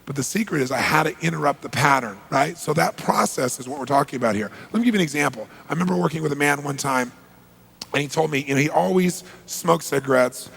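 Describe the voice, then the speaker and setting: Speaking in a large hall, a man gives a motivational seminar talk, telling stories and quizzing the audience with questions. His voice is fairly high, gravelly, husky and a bit bright, and he delivers it fast and animated.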